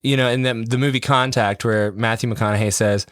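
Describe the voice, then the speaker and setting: A podcast co-host chats in a rambling, self-mocking way, often breaking into laughter. His medium-pitched voice is steady, a little fast, and a bit bright, captured in clean studio sound with no room sound.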